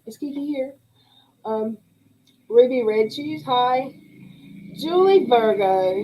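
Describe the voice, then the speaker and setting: Middle-aged lady doing a casual livestream, mellow voice, laughing and saying hey to chat by name. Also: a little high, rough recording. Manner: chatty, greets viewers by name, laughs often. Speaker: livestream host. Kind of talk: casual chat reading live comments.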